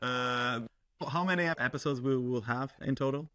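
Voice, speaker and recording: A man hosts a tech podcast, putting questions to his guest with careful pauses and restarts. His voice is of ordinary middle pitch. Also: bright, forceful tone, clear, resonant tone. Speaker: podcast host. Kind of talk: interview questions.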